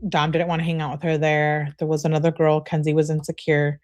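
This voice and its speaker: A young woman with a fairly low voice reads text messages aloud for a live audience. She stays casual and chatty, stopping to add blunt remarks of her own. She lifts her voice a little when quoting. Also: little pitch movement, a little fast, darkish tone. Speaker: online true-crime host.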